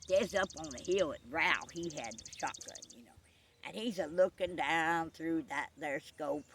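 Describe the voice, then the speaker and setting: A woman telling a folksy joke story with drawn-out asides. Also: low voice, a little hiss or hum.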